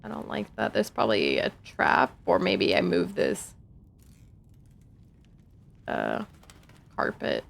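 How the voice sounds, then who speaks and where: Woman, livestream gameplay chat, gravelly, lively pitch, faint noise behind. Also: slow pace, long pauses. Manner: chatty, reads in-game notes aloud. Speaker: streamer. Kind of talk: casual gameplay commentary.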